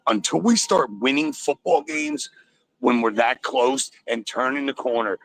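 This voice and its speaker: A man rants into a call-in sports show from inside a store. He is angry and loud, swearing freely. His voice sits at a middle pitch and sounds dry and close. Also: huge pitch swings, a little slow, vocal fry, no room sound, low-quality recording. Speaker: caller. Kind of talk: call-in sports radio rant.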